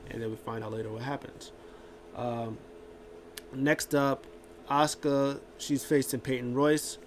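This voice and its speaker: A man's voice: medium pitch, steady tone, a little slow, a little hiss or hum. A man casually recapping a wrestling show, rambling with lots of filler words and restarts.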